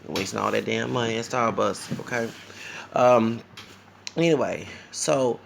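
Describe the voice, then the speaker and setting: A tired man from Louisiana with a Louisiana accent, talking fast and rambling in an opinionated livestream monologue. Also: medium pitch, creaky, slight background noise. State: tired, sleepy. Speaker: vlogger.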